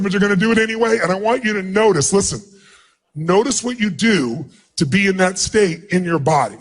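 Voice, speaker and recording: A man's voice: sits high, expressive, fairly quick. Commanding man rallying a huge crowd. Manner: commanding, emphatic, often shouting instructions to the audience. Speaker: motivational speaker. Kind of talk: live seminar address to a large crowd. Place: large event hall with thousands of people.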